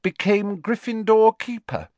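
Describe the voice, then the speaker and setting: A man voicing a clever teenage girl who talks brightly and with pointed sweetness. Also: high-pitched, expressive, unhurried, no room sound, voice pushed up. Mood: pointedly sweet. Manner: bright, emphatic, with a put-on giggle.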